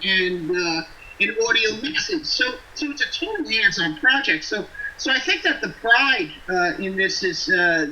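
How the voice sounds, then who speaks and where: A man's voice: sits high, pushed and bright, a little hiss or hum, poor audio. A man, a band frontman, chatting as an interview guest and talking in long run-on lists. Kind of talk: casual interview chat.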